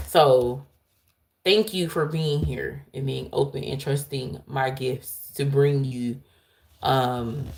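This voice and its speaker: Low gravelly woman reading tarot. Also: slight background noise. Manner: excitable, laughs loudly, animated address to viewers. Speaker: tarot reader. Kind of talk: live tarot reading stream.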